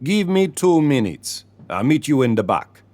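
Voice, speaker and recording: A man voicing a shopkeeper who talks in a showy Caribbean accent while making a smooth sales spiel. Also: medium pitch, sing-song, a little slow, darkish tone, a little hiss or hum, pitched above the performer's own voice. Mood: smooth, salesy. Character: older male shopkeeper with put-on Caribbean patter.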